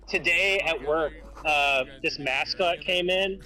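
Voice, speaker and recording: A man joining a friend's stream on a voice call, chatting excitably, swearing freely and saying "like" a lot. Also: a little high, slow pace, soft background music, poor audio. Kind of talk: casual chat on a voice call.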